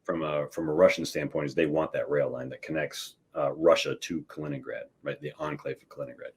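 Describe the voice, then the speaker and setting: A man's voice: extremely low pitch, lively intonation, brisk, vocal fry, a little mellow, breathy edge. A man who designs war games, explaining at length as a guest in a casual chat, with restarts and "right?" tags.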